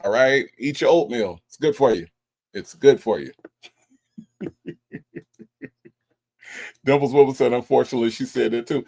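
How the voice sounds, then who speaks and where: A man hosting a live stream, chatting casually and teasing his chat with an animated delivery. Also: medium pitch, moderate pace, vocal fry, long pauses. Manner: animated, teasing, mocks chat with exaggerated voices. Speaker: livestream host.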